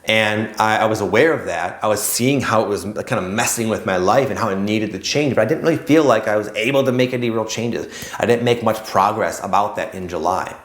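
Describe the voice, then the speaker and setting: A man's voice: on the low side, a little fast, echoey room. A man hosting a spiritual video, talking casually and rambling, with lots of "like" and "kind of". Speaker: spiritual YouTube host. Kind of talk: casual spiritual talk to camera.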